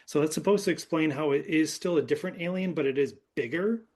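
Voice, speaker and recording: A podcast host recaps a film in a loose, rambling way, packing his talk with fillers. His voice is fairly high and darkish in tone, and he speaks at a quick pace. It's a casual movie discussion.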